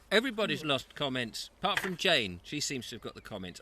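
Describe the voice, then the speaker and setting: An Englishman with a bright, clear voice hosts a casual live stream at an outdoor allotment, chatting easily and reading viewers' comments aloud between bites. A lapel mic picks him up, with a faint outdoor hiss and ambience behind. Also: medium pitch, sing-song, normal speed. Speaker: host.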